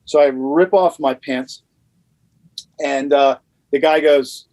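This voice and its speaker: Man, from Louisiana, podcast guest, casual storytelling, rambling, slightly high-pitched. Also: normal speed, rough recording. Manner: animated, rambling with many fillers.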